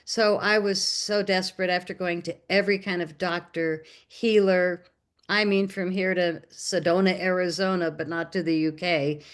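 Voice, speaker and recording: A woman's voice: lowish voice, moderate pace. American woman telling stories animatedly. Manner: animated, acts out quoted dialogue. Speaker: interview guest, documentary filmmaker. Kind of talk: casual storytelling in a conversation.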